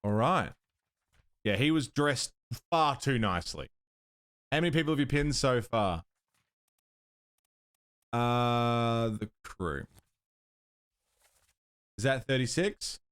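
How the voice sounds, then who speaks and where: A man's voice: medium pitch, animated, slow, pauses often, a bit bright, clean tone. Man muttering over a puzzle game. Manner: thinking aloud, muttering and counting to himself. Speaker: streamer. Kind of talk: casual gameplay commentary. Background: game music.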